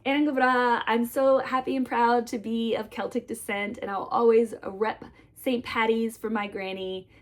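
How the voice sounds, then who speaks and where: Brief: young woman from the US, casual vlog storytelling, chatty and digressive, slightly high voice. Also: steady tone, moderate pace, few pauses. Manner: chatty, rambling with asides and fillers. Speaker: vlogger.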